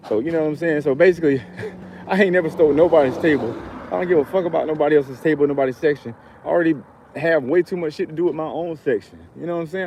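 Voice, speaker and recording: A man's voice: medium pitch, dark tone, a little hiss or hum, low-quality recording. A man from Georgia, telling a heated, profane story in a casual rant to camera. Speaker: vlogger.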